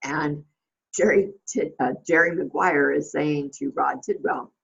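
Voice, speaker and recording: Give me a husky woman host thinking aloud in a rambling, casual monologue, slightly muffled audio. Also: sits low, a little slow. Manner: rambling, with many fillers and restarts.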